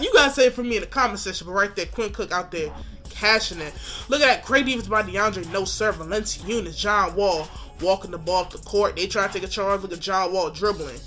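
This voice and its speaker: A man giving excited play-by-play commentary on his own basketball video game, joking and trash-talking as he goes. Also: sits high. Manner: animated, hypes plays, jokes and trash-talks. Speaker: gaming commentator.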